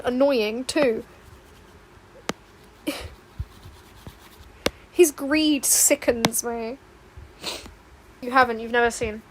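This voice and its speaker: Young woman streamer, high voice, rambling casual chat, faint room hum behind. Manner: rambling, chatty, laughing asides. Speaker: streamer and artist. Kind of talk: casual chat while drawing. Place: home room, indoors.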